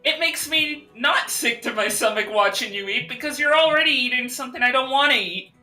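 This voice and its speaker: A woman's voice: high-pitched, a little fast, sharp tone, echoey room, distant mic, soft background music. A woman playing a tabletop game, blunt and joking, often laughing. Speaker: player. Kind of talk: casual tabletop role-play.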